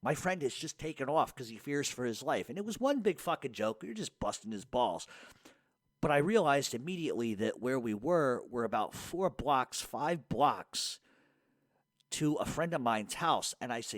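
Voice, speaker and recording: A middle-aged man spins stories and answers questions in loose, cussing talk, laughing as he goes. His pitch leaps up and down as he tells it. The sound is close and dry, with no room around him. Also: normal speed, dry recording. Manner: profane, laughs often, animated storyteller. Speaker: podcast host. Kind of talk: casual storytelling and Q&A.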